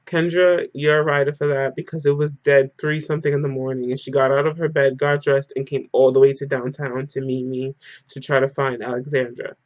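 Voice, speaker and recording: A young man telling a personal story to camera in a casual, animated, emotional way, with lots of "like". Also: mid-range voice, fairly quick. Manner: animated, emotional retelling full of "like". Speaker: storyteller vlogger. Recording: muffled lo-fi audio.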